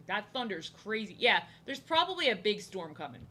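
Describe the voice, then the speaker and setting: A woman's voice: mid-range voice, sing-song, fairly quick, hardly any pauses, pushed and bright. A young woman streaming from home, rambling and joking as she draws, often repeating herself. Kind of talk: casual chat while drawing. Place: home, indoors.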